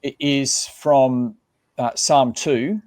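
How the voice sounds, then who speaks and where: A man's voice: medium pitch, drawn-out words, a little mellow. A man co-hosting a casual discussion of a book, talking conversationally and reading verses aloud. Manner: conversational, reads scripture aloud, frequent restarts. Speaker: co-host.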